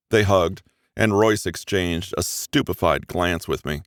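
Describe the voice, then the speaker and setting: A man narrating a first-person romance audiobook in an expressive, even storytelling manner. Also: low-pitched, a little slow, dry recording, clean studio sound.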